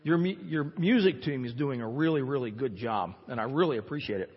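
A pastor preaching a sermon in a church sanctuary, talking conversationally and repeating words for emphasis. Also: male voice, medium pitch, animated, fairly quick, breathy edge. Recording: dull church recording with long reverb.

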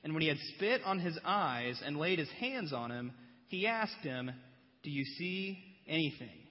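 A man preaching a Bible teaching sermon, conversational and animated, full of rhetorical questions and humor. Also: a little high, moderate pace. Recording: dull recording with long hall reverb.

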